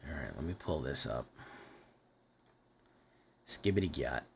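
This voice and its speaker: A man's voice: very deep voice, lively intonation, a little slow, creaky, a bit bright, slightly rough. A man streaming live, chatting casually with viewers, rambling and swearing freely.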